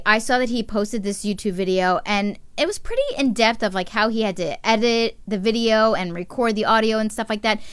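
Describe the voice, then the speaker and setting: A woman hosting a live-stream variety show, bubbly and excited, greeting viewers by name and chatting with many fillers and restarts. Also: medium pitch, clear, resonant tone, no echo. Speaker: host.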